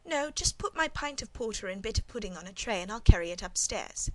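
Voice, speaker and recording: A woman reading the part of a guarded middle-aged female servant who speaks with calm, demure composure. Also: mid-range voice, fairly quick, close to an everyday voice, low-quality recording. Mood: matter-of-fact. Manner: calm, demure, matter-of-fact.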